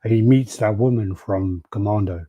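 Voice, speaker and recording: A man's voice: fairly low pitch, normal speed, no room sound, highs cut off. A man hosting a casual podcast, rambling through stories, acting out quotes and swearing freely. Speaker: podcast host. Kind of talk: casual chat.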